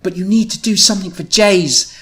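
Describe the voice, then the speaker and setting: Casting: bossy teen ninja girl, shrill and high, firm and commanding, put on by a man. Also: fairly quick, fairly bright tone. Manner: shrill, exaggerated reading of own teen story.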